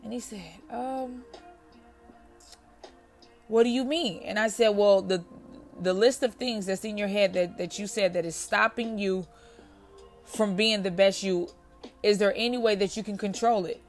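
A woman's voice: medium pitch, unhurried, pauses often, faint music behind. A woman hosting a motivational podcast, telling a story in a conversational way, calling the listener friend and repeating phrases for emphasis.

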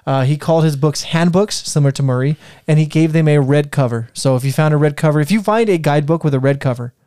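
A man's voice: a little high, quick pace, warm tone, no echo, clean studio sound. A man co-hosting a casual history podcast, reading from notes with many fillers and restarts. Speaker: podcast co-host presenting history.

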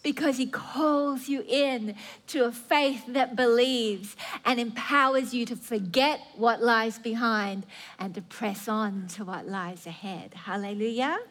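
A woman's voice: fairly high pitch, steady tone, measured pace, fairly bright tone. A woman preacher delivering an earnest sermon with emphatic repetition.

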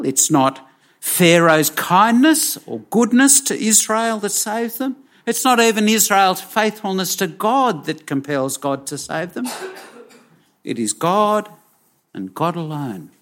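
A man preaching a sermon, slow and emphatic, with dramatic pauses. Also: high-pitched, sing-song, a bit bright.

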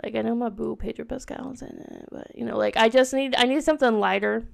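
A woman in her thirties with a slightly high, brisk voice and vocal fry hosts her own casual solo podcast. She rambles and restarts, using lots of filler words.

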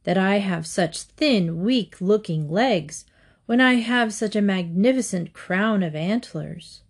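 A woman's voice: medium pitch, expressive, slow pace. A woman doing a vain, sighing stag. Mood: wistful.

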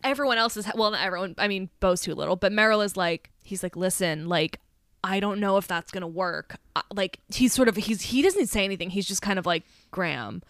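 Animated young woman with a smooth voice. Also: mid-range voice, a little fast, no room sound, clean studio sound. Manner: animated, retells scenes with quoted lines, swears freely. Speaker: podcast co-host. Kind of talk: casual movie chat.

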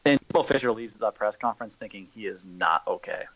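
A man co-hosting a podcast, casually telling animated stories and mimicking people. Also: on the low side, brisk, slightly rough. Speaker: podcast co-host. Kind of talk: casual chat. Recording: dull lo-fi audio.

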